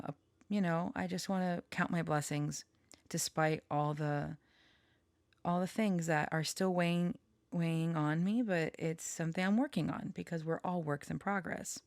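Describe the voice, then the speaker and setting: A woman talking slowly and haltingly with many pauses, sharing personal reflections in a vlog, short on sleep. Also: deep voice, no echo. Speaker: tarot reader and storyteller.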